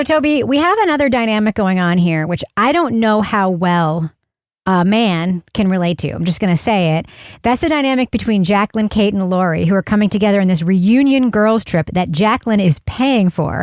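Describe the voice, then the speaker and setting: A woman hosting a podcast, talking frankly and lively in casual chat. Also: mid-range voice, brisk, dry recording, clean studio sound. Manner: lively, frank, laughing, swears. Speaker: podcast host.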